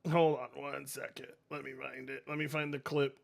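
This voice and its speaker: A man in his late twenties reacting to clips on a live stream, excitable, laughing often and swearing. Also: mid-range voice, moderate pace, creaky. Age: 20s.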